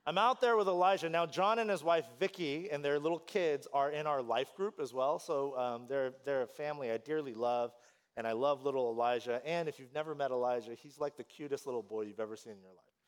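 A man preaching a sermon as pastor, telling a story with lively, animated delivery and acting out voices. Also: mid-range voice, fairly quick.

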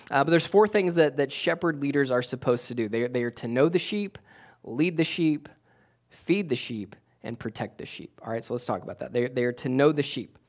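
Pastor repeating his points in a sermon. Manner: repeats key phrases for emphasis, with filler restarts; grows louder and higher when pressing a point.

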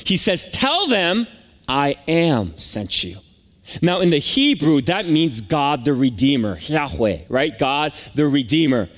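A man preaching a conversational sermon, emphatic, with frequent rhetorical questions to the congregation. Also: a little high. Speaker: pastor.

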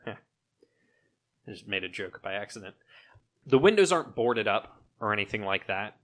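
Running a tabletop role-playing game, a game master narrates in a somewhat low voice. His manner is easygoing and hesitant, full of fillers and false starts.

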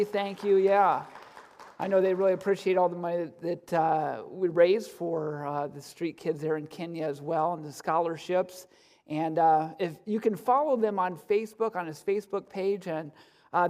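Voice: mid-range voice, a little mellow. A pastor giving a casual, joking sermon from a church stage, full of fillers and asides. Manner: conversational, joking, many fillers. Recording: long hall reverb.

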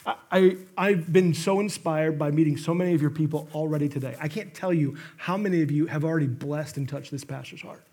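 Husky, animated male preacher. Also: fairly high pitch, fairly quick, few pauses. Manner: animated storytelling with emphatic bursts and asides. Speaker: guest pastor. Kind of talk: sermon.

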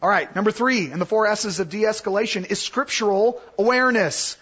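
A high-voiced, husky man teaches scripture to a class in a casual, animated way, acting out the voices he quotes. The recording sounds dull and lo-fi. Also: a little fast. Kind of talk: Bible teaching.

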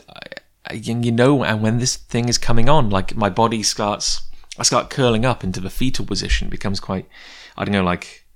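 A man with a very low, deep voice tells a long personal story in a loose, casual way. He wanders off on tangents and pokes fun at himself as he talks about his comics work. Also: fairly bright tone. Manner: rambling, goes off on tangents. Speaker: comic book creator.

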